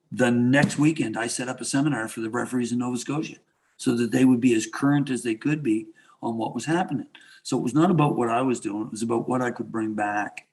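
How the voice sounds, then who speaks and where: A Canadian man in his sixties, a martial arts instructor, talking casually as an interview guest, rambling with lots of fillers and restarts. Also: medium pitch.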